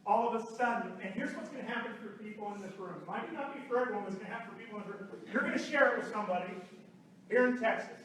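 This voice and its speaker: A man from Oklahoma telling lively stories as a speaker at a business meeting, speaking to a live room and acting out quotes. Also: high-pitched, racing. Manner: animated storytelling with acted quotes. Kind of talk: motivational talk to a live room. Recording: roomy far-off hall recording.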